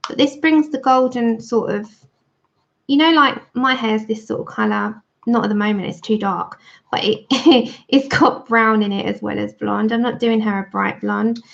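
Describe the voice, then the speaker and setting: Lady chatting on a colouring livestream, a bit higher voice with some fry, dull lo-fi sound. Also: fairly even intonation, normal speed. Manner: chatty, thanks viewers warmly by name. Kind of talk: casual livestream chat while colouring. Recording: dull lo-fi stream audio.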